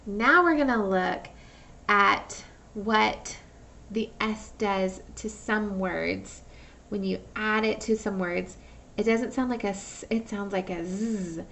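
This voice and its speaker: A woman's voice: mid-range voice, gravelly, pushed and bright, recorded from a distance, slight background noise. A woman teacher giving a phonics lesson to young children, patiently sounding out words and asking questions. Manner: slow, patient, stretches out sounds and asks questions.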